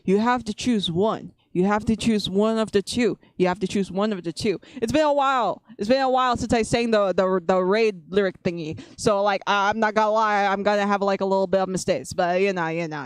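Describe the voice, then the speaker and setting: A woman's voice: medium pitch, clear, resonant tone, dry recording, studio quality. Chatty streamer woman. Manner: chatty, rambling, frequent restarts and laughter. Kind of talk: casual stream chat.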